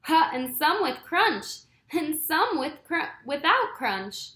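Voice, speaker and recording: A woman voicing a male truck driver who stays calm and keeps bursting into laughter. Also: high-pitched, slow pace, reverberant, pitched above the performer's own voice, heavily acted. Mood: laughing. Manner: loud, laughing through his lines.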